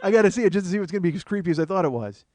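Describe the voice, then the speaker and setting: Middle-aged male comedy podcaster, quick, profane, rambling monologue. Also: high-pitched, lively intonation, a little mellow, slight background noise. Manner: rambling, profane, self-amused.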